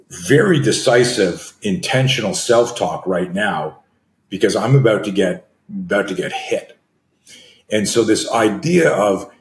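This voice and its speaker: A fairly low-voiced middle-aged man talks through his ideas as a coach, circling back with fillers and restarts. The room around him rings with noticeable echo. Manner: animated storytelling with many fillers and restarts. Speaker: self-defense and fear management coach. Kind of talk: conversational interview answers. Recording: echoey room.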